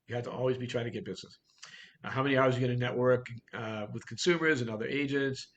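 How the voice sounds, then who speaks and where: A man's voice: medium pitch, fairly even intonation, fast talker, lo-fi sound. A man coaching real estate agents in a workshop talk, blunt and direct, firing off rhetorical questions.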